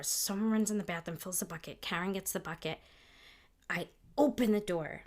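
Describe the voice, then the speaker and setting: A middle-aged woman co-hosting a couples podcast, telling high school stories in an animated way and laughing along. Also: a little fast. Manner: animated, laughs through her own stories. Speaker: podcast co-host. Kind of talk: casual storytelling chat.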